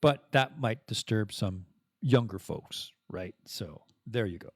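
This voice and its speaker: A man from Canada hosting a casual podcast monologue, rambling and self-deprecating, with animated swings in his voice. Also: lowish voice, takes it slowly, dry recording, clean studio sound. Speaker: podcast host.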